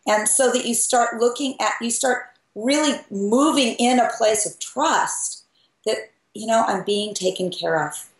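Woman, earnest, measured, reflective, off mic, echoey room. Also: a little high, far from the mic. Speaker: guest, interviewer of many people. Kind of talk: reflective conversation. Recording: roomy echo, off mic.

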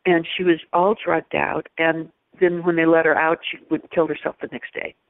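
A woman guest telling a personal story in an animated way, laughing often and restarting her sentences. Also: low voice, normal speed, vocal fry, dry recording. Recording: phone-like lo-fi line.

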